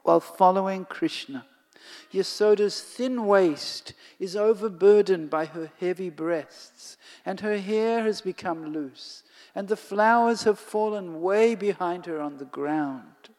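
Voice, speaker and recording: A storyteller narrating a devotional tale slowly and expressively, sinking to a whisper at times. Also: medium pitch, darkish tone. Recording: long hall reverb, faint music.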